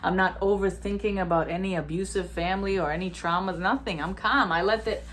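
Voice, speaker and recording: A woman's voice: medium pitch, brisk, noisy background. A woman in her twenties, a vlogger talking straight to camera in a blunt, emphatic way, swearing freely and acting out the people in her stories. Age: 20s. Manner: animated storyteller, acts out others. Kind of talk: casual spiritual monologue.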